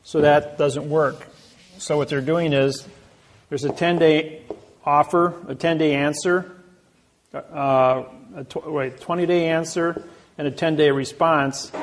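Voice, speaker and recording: A man giving a rambling storytelling lecture to a class, with many halting restarts. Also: fairly high pitch. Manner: rambling anecdotes with acted quotes. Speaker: speaker teaching a class.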